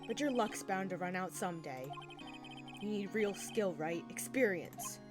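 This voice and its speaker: A woman voicing a stiff, haughty young male prosecutor, speaking in a low, smooth, dramatic voice. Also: lively intonation, measured pace, over music, lightly acted. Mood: condescending.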